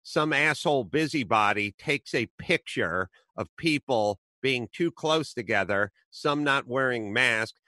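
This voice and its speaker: Middle-aged guy ranting on a podcast, bright punchy voice, dry close mic. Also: medium pitch, measured pace, few pauses, no room sound. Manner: ranting, animated storytelling with put-on quotes. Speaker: podcast host. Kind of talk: casual chat.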